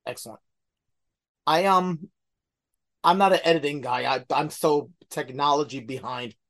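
Laid-back man, slightly high voice. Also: a little slow, fairly bright tone. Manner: laid-back, hesitant, chuckles. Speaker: podcast co-host. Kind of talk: casual movie chat.

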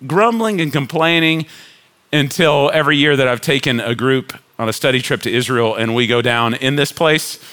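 A middle-aged man, a pastor preaching a sermon, animated, acting out complaining crowds in a raised voice. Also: medium pitch, normal speed.

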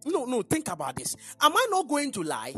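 Animated woman preaching. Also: high-pitched, a little fast, slightly rough, faint music behind. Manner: emphatic, repeats questions to the congregation. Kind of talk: sermon. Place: church.

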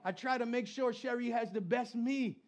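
A middle-aged man preaching a sermon as pastor, animated, repeating phrases and joking with the congregation. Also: extremely high pitch, moderate pace. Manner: animated preaching with repetition and crowd banter. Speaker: pastor and Christian rapper.

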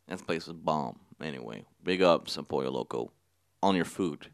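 Laid-back young man with a lively, clear voice. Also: deep voice, normal speed, no echo, clean studio sound. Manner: laid-back, rambling, laughs often, swears casually. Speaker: podcast host. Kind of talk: casual solo podcast storytelling. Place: small studio.

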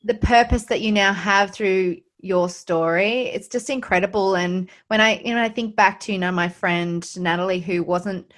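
A woman's voice: medium pitch, fairly even intonation, moderate pace, hardly any pauses. Aussie lady hosting a podcast, gushy and chatty, lots of "like" and "you know". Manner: emotional, effusive, many fillers. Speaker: podcast host. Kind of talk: casual interview chat.

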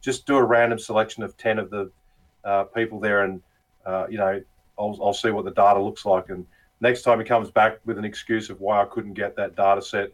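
An Australian guest with a fairly low, level voice talks quickly as he casually tells crude, funny stories full of laughter and swearing, often imitating the people he spoke with. The audio quality is poor.

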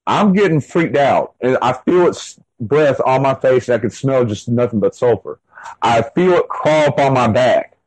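A man's voice: mid-range voice, expressive, normal speed, a little mellow, dry recording, rough recording. A man being interviewed, telling a long story in a casual, rambling way full of fillers and restarts. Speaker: interview guest.

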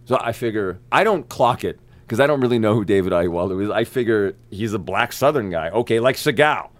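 A male actor telling wild stories as a guest, his voice swooping up and down as he acts out the other people in them. His talk is fast-moving and profane, full of bursts of energy. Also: no room sound. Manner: energetic, profane, acts out quotes with big pitch jumps. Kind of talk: animated storytelling.

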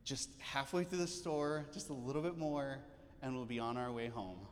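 A pastor playing a patient young mother who calmly soothes her toddler while shopping, in a reverberant church hall. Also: mid-range voice, normal speed, a little hiss or hum, close to an everyday voice. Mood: soothing. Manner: calm, soothing reassurance.

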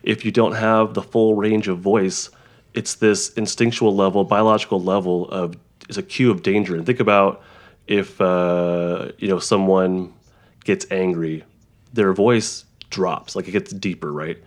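A man who works as a therapist, explaining ideas in a halting conversational way, with frequent restarts and examples. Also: deep voice, steady tone. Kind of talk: conversational interview.

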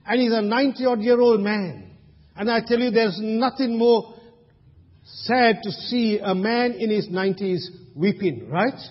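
A man's voice: high voice, measured pace. A man from Sri Lanka preaching a sermon in a large church hall, emphatic, with rhetorical questions. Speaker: pastor. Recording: dull lo-fi sound with long hall reverb.

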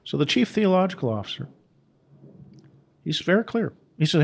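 Man, preacher, somewhat high voice, emphatic, repeats himself, unscripted. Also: very animated, moderate pace, vocal fry, long pauses. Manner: emphatic, repeats key phrases; unscripted, with restarts and asides. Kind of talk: preaching on scripture.

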